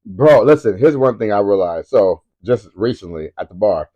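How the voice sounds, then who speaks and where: A man's voice: fairly low pitch, normal speed, highs cut off. A man in his thirties co-hosting a casual comedy podcast, telling stories and acting out the people in them. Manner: animated storytelling, acts out voices. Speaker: podcast co-host.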